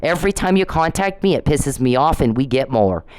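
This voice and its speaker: A woman's voice: low voice, animated, brisk, darkish tone, clear, resonant tone, no echo, rough recording. A woman ranting angrily straight at the camera, scolding and swearing, stumbling over her words when heated. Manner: furious, profane, scolding; repeats and restarts when heated. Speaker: vlogger. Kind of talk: angry direct-address rant.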